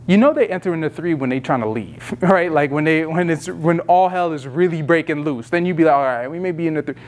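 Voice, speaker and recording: A young adult man teaching emotional intelligence in a casual workshop, acting out quoted people and laughing often. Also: on the high side. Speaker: communication trainer.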